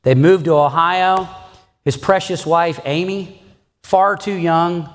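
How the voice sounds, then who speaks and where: Pastor preaching earnestly in a church, mid-pitched voice, long hall reverb. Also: male voice. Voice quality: earnest, asks the congregation rhetorical questions. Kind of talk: sermon.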